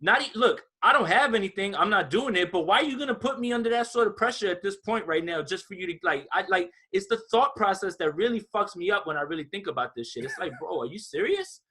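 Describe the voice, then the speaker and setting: A man with a high, forceful voice rants through a casual podcast chat. He swears freely and keeps the energy up. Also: fast talker, few pauses, slightly rough. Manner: animated, profane, ranting. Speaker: podcast co-host.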